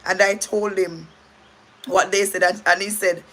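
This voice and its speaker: A woman's voice: medium pitch, flat delivery, a little slow, fairly bright tone. A middle-aged Jamaican woman hosting a casual livestream chat, rambling, restarting sentences and thanking viewers. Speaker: livestream host.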